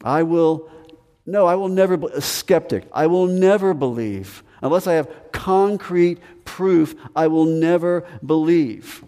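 A preacher acting out a stubborn doubting disciple. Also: male voice, a little high, measured pace, warm tone, in a large hall, pitched above the performer's own voice, close to an everyday voice. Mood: insistent. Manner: insistent, demanding proof.

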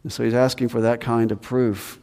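A male pastor delivers a sermon with a warm, mellow tone. His voice carries a long reverb, as if recorded in a church hall. He sometimes slips into the voices of the people in the scripture, raising his voice for them. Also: mid-range voice, level tone, normal speed. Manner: acts out Thomas's lines with raised voice.

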